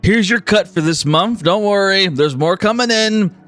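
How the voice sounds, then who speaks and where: A man's voice: sits high, moderate pace, fairly bright tone, soft background music, pitched above the performer's own voice. A man voicing a friendly, self-promoting tavern keeper in a tabletop role-play. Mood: generous. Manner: folksy, salesy.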